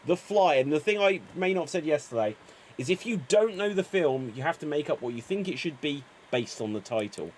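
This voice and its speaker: A man's voice: a little high, animated, brisk, a little mellow, a little hiss or hum. A man hosting an improv game, upbeat and encouraging as he announces players. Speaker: improv show host.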